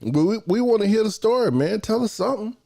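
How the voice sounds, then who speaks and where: A man's voice: sits high, lively intonation, fast, vocal fry, warm tone. A man hosting a casual podcast about dog training, talking in teasing, slangy banter.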